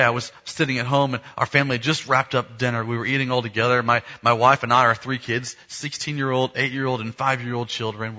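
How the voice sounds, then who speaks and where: Man in his thirties, pastor telling a family story in a sermon, bright husky voice, slightly muffled sound. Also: mid-range voice. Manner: earnest storytelling, acting out family dialogue.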